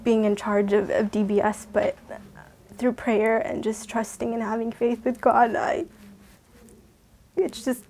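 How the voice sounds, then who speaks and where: Young woman, high-pitched, enthusiastic, faint background noise. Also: unhurried, long pauses. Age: young adult. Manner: bubbly, excited. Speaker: Bible school coordinator. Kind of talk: testimony interview.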